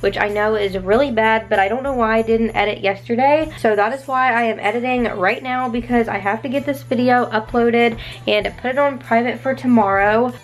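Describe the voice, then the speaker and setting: A woman's voice: fairly high pitch, moderate pace, hardly any pauses, soft background music. Chatty young woman vlogging at home. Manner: gushing and excitable, heavy use of "like". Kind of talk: casual vlog chat. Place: at home in her bedroom.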